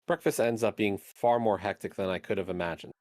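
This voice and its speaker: A man streaming a game, reading its narration aloud in a steady, even way. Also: on the low side, brisk, no room sound.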